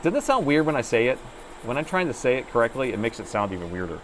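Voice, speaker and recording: A man's voice: mid-range voice, big pitch swings, quick pace, noisy background. Man narrating a laptop repair livestream. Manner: joking with chat, narrating his repair steps. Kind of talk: casual live-stream chat while working.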